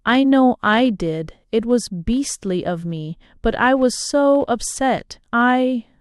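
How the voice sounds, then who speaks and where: A woman's voice: fairly high pitch, lively intonation, slow pace, dry recording, studio quality. A woman voicing a bashful, earnest young Englishman who stammers when flustered.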